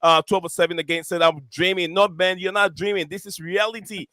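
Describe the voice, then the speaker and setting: A man hosting a live football review show, excitable and fond of shout-outs and repeating names. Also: high voice, fairly quick, no echo, clean studio sound. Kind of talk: live fan call-in chat.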